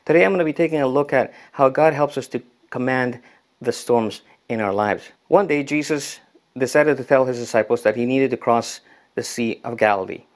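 A man's voice: medium pitch, normal speed. A young adult man, a youth pastor, telling a story in a casual, conversational sermon. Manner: conversational storytelling, frequent restarts.

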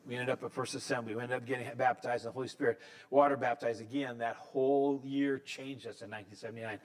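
A man in his sixties, a pastor preaching a conversational sermon, correcting himself as he goes and rising into high, excited emphasis. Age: 60s.

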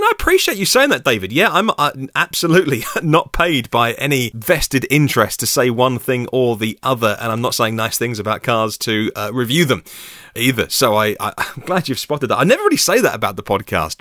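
A man's voice: medium pitch, fairly bright tone, no echo, clean studio sound. A man hosting a solo news podcast, chatty and self-deprecating with rambling asides. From United Kingdom. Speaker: podcast host.

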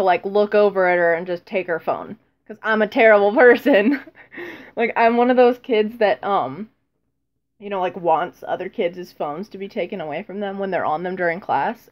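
Rambling teen girl vlogger, lo-fi. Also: medium pitch. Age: teens. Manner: rambling, self-deprecating, frequent ums and laughs. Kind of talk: casual vlog chat.

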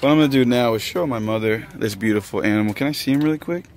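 A man's voice: medium pitch, fast, crowd noise. A man vlogging casually outdoors and in his truck, teasing his companion and laughing often. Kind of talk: casual vlog banter.

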